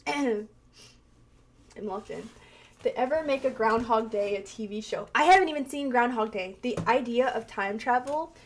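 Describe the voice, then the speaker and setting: High-voiced giggly woman streamer. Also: a little slow, a little hiss or hum. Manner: giggly, breaks into long laughing fits; rambling, chatty, talks to chat. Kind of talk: casual gameplay commentary.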